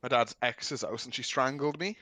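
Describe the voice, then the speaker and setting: Bright-voiced sweary young man. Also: mid-range voice, normal speed, no echo. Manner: sweary, rambling storyteller. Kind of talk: casual chat.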